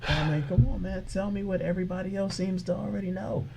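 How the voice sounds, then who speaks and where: A man's voice: high-pitched, steady tone, fast talker, creaky, background noise. A man co-hosting a casual podcast, giving short, laid-back prompts and replies. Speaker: podcast co-host.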